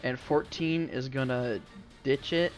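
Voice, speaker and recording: A man's voice: mid-range voice, unhurried. Rambling male game master. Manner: rambling, many fillers. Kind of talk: narrating a tabletop game. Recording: dull lo-fi stream mic with music.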